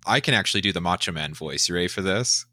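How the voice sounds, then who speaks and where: A man hosts a casual podcast in an enthusiastic, chatty way. His voice sits low but sounds bright and forceful. The sound is dry and close. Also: expressive, quick pace, no room sound. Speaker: podcast host.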